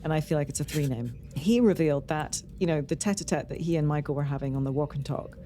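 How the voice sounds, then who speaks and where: A woman's voice: deep voice, quick pace, dark tone, faint music behind. A woman co-hosting a podcast in casual chat, talking in a chatty, rambling way with lots of "like.". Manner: chatty, rambling, with many likes. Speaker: podcast co-host.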